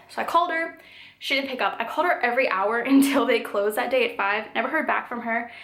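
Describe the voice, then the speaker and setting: A woman in her twenties tells a long storytime vlog, her voice sitting a little on the high side. She talks casually and loosely, filling gaps with "like" and "um." The recording carries a noticeable room echo. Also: fairly quick, a bit bright. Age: 20s. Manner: chatty, filler-heavy telling with frequent "like" and "um". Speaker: vlogger. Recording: echoey room.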